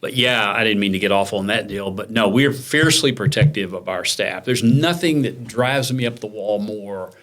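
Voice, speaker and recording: A man with a fairly low voice hosts a relaxed interview. He laughs along with his guest and shares his own stories in an easy, chatty way. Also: normal speed, hardly any pauses. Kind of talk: casual interview chat.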